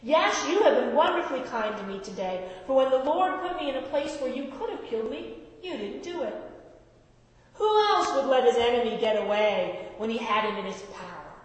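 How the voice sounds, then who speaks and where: A woman reading the lines of a humbled, remorseful older king in a slow, wavering voice. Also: on the high side, lively intonation, natural voice. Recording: echoey hall reverb.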